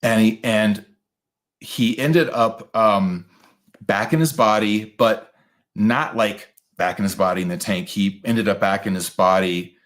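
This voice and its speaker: A man telling a personal story in a reflective monologue, with many pauses, fillers and restarts. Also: lowish voice. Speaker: astrologer host.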